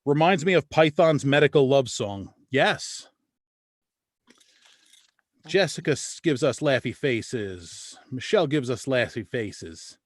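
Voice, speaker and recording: A tired man co-hosting a live-stream show from a small booth, loud, profane and joking. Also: medium pitch, animated, slow pace, no room sound, clean studio sound. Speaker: podcast co-host. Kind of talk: casual live-stream chat. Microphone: studio mic in a small booth.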